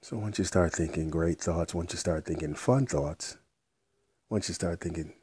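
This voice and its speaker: A man's voice: sits low, moderate pace, darkish tone, breathy edge. A man giving an unscripted motivational monologue in a blunt, rambling way. He repeats himself and swears casually.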